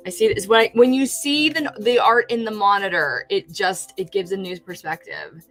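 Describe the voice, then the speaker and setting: Showing her fake food creations on a livestream, a woman from California chats casually in a mid-range, fairly bright voice at a moderate pace, with faint music behind her. She rambles, restarting often, and clearly delights in her own work.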